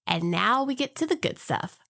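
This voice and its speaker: A woman's voice: on the high side, sing-song, normal speed, gravelly, sharp tone, no room sound, clean studio sound. A woman co-hosting a podcast, telling a story in a casual, wry and jokey way. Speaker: podcast co-host.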